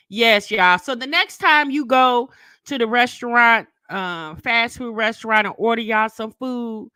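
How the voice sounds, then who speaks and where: A middle-aged woman, chatting casually on a live stream and telling stories, animated and laughing often. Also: a little high, a little slow, smooth, no room sound. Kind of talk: casual live chat storytelling.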